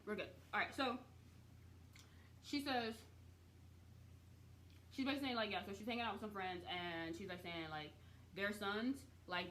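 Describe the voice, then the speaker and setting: A young adult woman recapping and reviewing a TV series in a chatty, expressive way, with casual slang and the odd swear. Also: mid-range voice, moderate pace, pauses often, slight background noise.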